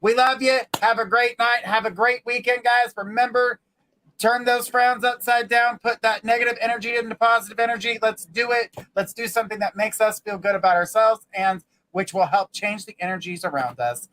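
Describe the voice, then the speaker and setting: An upbeat host of a live talk show tells a joke and signs off, addressing viewers warmly and often. The voice sits at a mid pitch with a friendly, chatty manner. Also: steady tone, moderate pace, rough recording. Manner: upbeat, repeats "guys".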